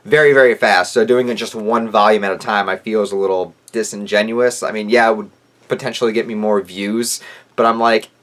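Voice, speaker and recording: A man's voice: fairly low pitch, fairly even intonation, fairly quick, fairly bright tone. A man reviewing a manga on his own channel, talking in a casual, rambling and enthusiastic way with plenty of fillers.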